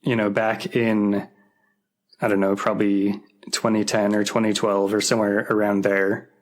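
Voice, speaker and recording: A man's voice: lowish voice, level tone, moderate pace. A man co-hosting a podcast, talking in a laid-back, rambling way with an easy laugh. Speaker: podcast co-host. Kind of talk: casual chat.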